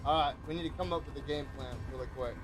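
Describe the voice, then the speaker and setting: A man's voice: on the high side, quick pace. A young man streaming a video game, rambling casually in profane commentary full of "like" and "dude". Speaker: gaming streamer. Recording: game music playing behind.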